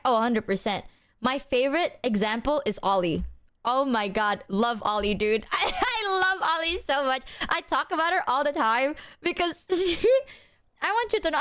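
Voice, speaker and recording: Animated high-voiced woman telling stories. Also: normal speed. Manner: animated storytelling, slangy. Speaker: streamer. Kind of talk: casual chat.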